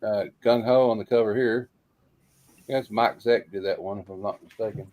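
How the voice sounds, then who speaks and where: A man's voice: lowish voice, steady tone, normal speed, darkish tone, dry recording. A man in casual group chat on a stream, showing his comic haul with a rambling manner full of "uh" fillers.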